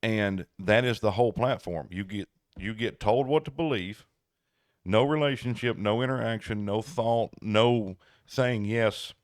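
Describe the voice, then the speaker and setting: A man's voice: on the low side, a little slow, no echo, studio quality. A man co-hosting a podcast, talking casually in a blunt, opinionated, lecturing way. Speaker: podcast co-host. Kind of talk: casual chat.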